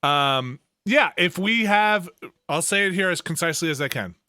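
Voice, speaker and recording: A man's voice: fairly high pitch, animated, moderate pace, sharp tone, clean tone, no echo, clean studio sound. A man co-hosting a casual podcast chat, riffing animatedly and laughing often. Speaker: podcast co-host.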